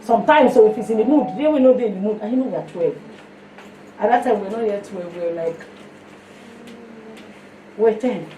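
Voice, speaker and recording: A woman with a Nigerian accent giving a sermon mixed with her own testimony, telling stories in an animated way. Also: mid-range voice, brisk, long pauses. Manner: storytelling, animated, breaks into song. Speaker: fellowship speaker. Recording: echoey room, mic heard from a distance, faint noise.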